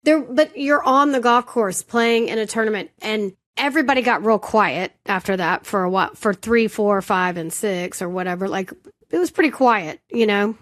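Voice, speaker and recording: Woman, podcast co-host, casual storytelling, mid pitch, animated, self-deprecating. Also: normal speed.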